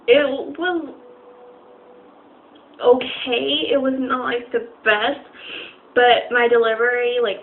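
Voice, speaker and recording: A young woman telling a personal story on a vlog, halting and often near tears, with many fillers and restarts. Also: high-pitched. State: crying at times. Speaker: vlogger. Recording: tinny phone-like recording with faint noise.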